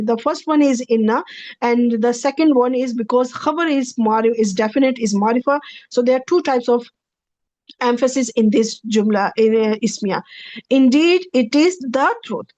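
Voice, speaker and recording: A woman's voice: a little high, normal speed, darkish tone, no room sound, muffled recording. Woman teaching over slides. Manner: patient, repeats and rephrases points, checks in with "okay". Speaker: Arabic grammar teacher. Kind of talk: recorded slide lecture.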